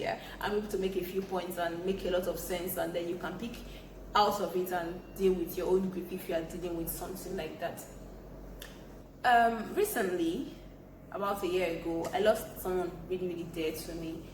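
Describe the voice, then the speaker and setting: Young woman, casual vlog to camera, earnest and repetitive, lowish voice, roomy echo. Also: fairly even intonation, moderate pace, background noise. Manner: earnest, repetitive, emphatic, with soft laughs. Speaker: vlogger. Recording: echoey room with faint background ambience.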